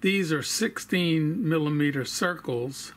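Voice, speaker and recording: An American man who cuts gems and makes jewelry, narrating his workshop work with dry, deadpan jokes. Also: a little high, slow, a little hiss or hum. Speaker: lapidary and jewelry maker.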